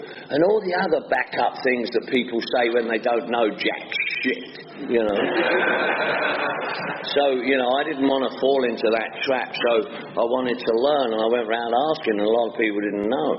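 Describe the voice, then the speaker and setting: A man from England with a Northwest London accent gives a personal recovery talk at a meeting, telling his own story bluntly and jokingly with rhyming quips. His voice is medium-pitched at a normal pace, and the dull, echoey hall recording carries a little hiss or hum.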